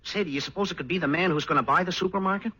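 A man's voice: sits high, rapid-fire, sharp tone, slightly rough, rough recording. A man doing 1940s radio comedy acting, goofy and bumbling, often breaking into laughs. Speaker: comedian star. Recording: old radio broadcast with faint noise.

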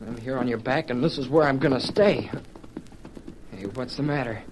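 An actor playing an eager, excitable teenage rider who talks to himself and his horse, in 1940s radio acting style. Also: mid-range voice, moderate pace, natural voice. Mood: urgent. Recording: crackly vintage radio recording.

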